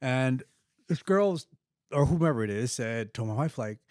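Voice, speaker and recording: An animated middle-aged man tells a personal story, his mid-range voice jumping up when he acts out what people said. The sound is close and dry, with no room around it. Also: mid-range voice, normal speed, dry recording. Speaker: host.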